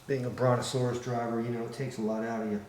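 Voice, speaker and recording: A man's voice: mid-range voice, little pitch movement, fast talker, a little mellow. A man chatting casually and cracking jokes while he works on a repair at his kitchen counter. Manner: rambling, joking asides. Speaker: electronics restorer. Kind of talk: casual chat while working. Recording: echoey room, faint background hum.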